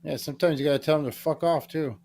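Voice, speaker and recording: A man's voice: a little high, steady tone, fast talker, creaky, darkish tone, slight background noise. A man co-hosting a podcast, chiming in with crude, joking banter in casual chat. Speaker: podcast co-host.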